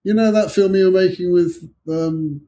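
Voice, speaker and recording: A man's voice: high-pitched, normal speed, mellow. An older English man, an author guest, telling rambling anecdotes in casual chat with chuckling asides.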